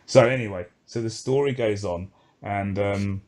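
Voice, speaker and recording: Retelling an episode on a podcast he co-hosts, a man chats casually and animatedly, voicing the characters' lines along the way. He has a lowish voice and speaks at a normal speed.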